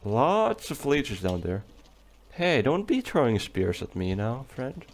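A man giving relaxed, chatty commentary while playing a game, talking to the creatures on screen. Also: medium pitch, slow pace. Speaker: let's play gamer. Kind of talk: casual gameplay commentary. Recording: faint game music behind.

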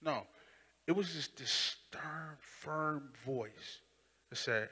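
A young adult man giving an animated spoken testimony on stage, acting out voices and swinging from loud to hushed. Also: mid-range voice, slow pace. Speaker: Christian rapper giving testimony. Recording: long hall reverb.

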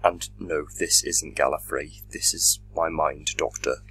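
A man voicing a tormented, menacing armored villain in a fan audio drama reading, speaking slowly and broodingly. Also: very deep voice, fairly even intonation, a bit bright, slightly rough, heavily acted, poor audio.

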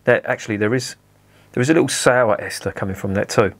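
Man, low voice, chatty home beer reviewer, swears and self-corrects. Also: fast talker, gravelly. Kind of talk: casual review monologue.

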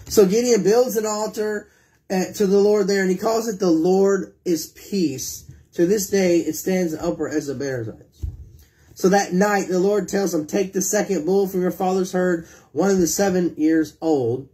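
A man's voice: high voice, measured pace, warm tone. A man preaching a sermon, reading scripture and asking his listeners questions, and acting out prayers in a pleading voice. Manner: reads scripture and asks the congregation questions.

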